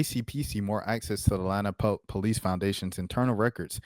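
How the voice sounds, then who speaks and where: A man with a fairly low voice runs his own channel, reading news reports aloud and breaking in with loose, offhand remarks. His delivery is casual and conversational, and the recording is dry and close. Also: fairly even intonation, quick pace, few pauses, a little mellow, no room sound. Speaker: channel host.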